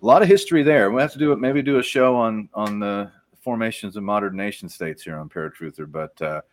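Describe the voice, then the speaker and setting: A man's voice: on the low side, quick pace. A middle-aged man hosting a podcast, chatting casually and rambling, with frequent fillers and restarts. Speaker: podcast host. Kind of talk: casual conversational chat.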